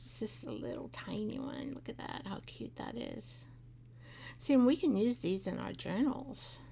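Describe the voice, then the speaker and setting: A woman's voice: medium pitch, sing-song, normal speed, creaky, dark tone, a little hiss or hum. A middle-aged woman hosting a live craft show, chatting and rambling as she works, laughing often and talking to her craft pieces. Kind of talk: live craft tutorial chat.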